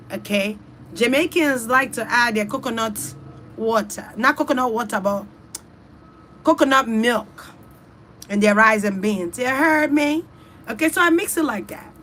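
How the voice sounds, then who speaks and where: A woman's voice: a little high, sharp tone, a little hiss or hum. Profane, chatty woman host. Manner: loose, profane, chatty, talks straight to her audience. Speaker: online reader and host. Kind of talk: casual rambling chat to viewers.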